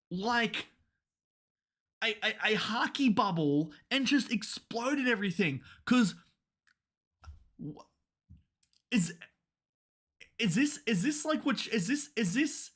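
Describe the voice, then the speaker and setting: A woman giving live reaction commentary, excitable and swearing, stammering through restarts as her voice goes hoarse. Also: mid-range voice. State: voice going hoarse. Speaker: manga reaction streamer.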